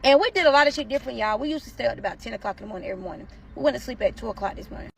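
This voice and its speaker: A woman races through a dramatic personal story, her voice slightly high and full of gravelly fry. She tells it in a loose, animated, profane way, speaking into a phone camera. Faint ambient noise sits under her voice. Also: rapid-fire, rough recording. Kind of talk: casual storytime monologue.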